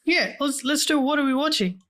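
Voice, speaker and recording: A woman co-hosting a film podcast, chatting playfully with quick quips. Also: sits high, animated, fairly bright tone. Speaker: podcast co-host. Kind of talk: casual film podcast chat.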